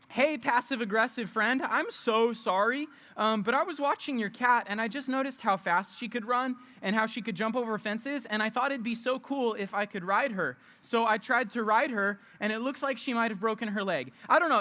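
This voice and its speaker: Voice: mid-range voice, bright, forceful tone. A youth pastor giving an interactive youth group talk, playful and upbeat as they coach volunteers.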